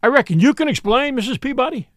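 A man voicing a domineering, impatient frontier judge with a loud, commanding, folksy manner. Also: very high-pitched, expressive, fast, no room sound, studio quality, pitched above the performer's own voice.

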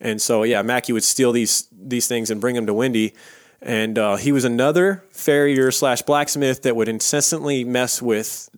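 A man's voice: mid-range voice, fairly even intonation, moderate pace. A man hosting a casual history podcast, telling the story in a rambling, profane way with frequent fillers. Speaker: podcast host.

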